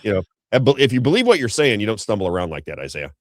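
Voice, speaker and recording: Man, middle-aged, low voice, fast, dry close mic, rambling emphatic political commentary host. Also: sing-song, no echo. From Missouri, USA. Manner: rambling, emphatic, repeats himself, addresses co-host.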